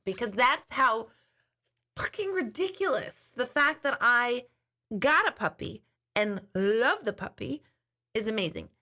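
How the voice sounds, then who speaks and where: A woman's voice: on the high side, pushed and bright. A middle-aged woman host chatting casually to her viewers, telling a long rambling story. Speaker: intuitive host.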